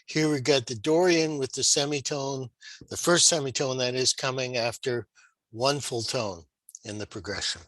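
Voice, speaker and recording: Man, guitar teacher, bright clear tone, dry close sound, patient explainer. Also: medium pitch, normal speed, no room sound, low-quality recording. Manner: patient, explanatory, with fillers and rhetorical questions. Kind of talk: screen-shared music lesson.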